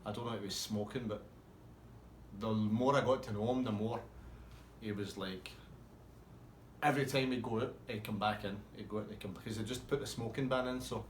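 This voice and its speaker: A man's voice: fairly low pitch, fairly even intonation, brisk, roomy sound, a little hiss or hum. A man telling a rambling, swear-heavy anecdote in a casual way. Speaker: storyteller.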